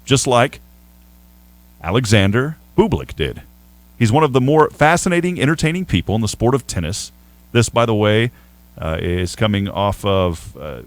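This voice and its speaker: A man hosting a sports radio show, talking casually and jokingly in a studio. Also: fairly low pitch. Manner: animated, chatty, jokey.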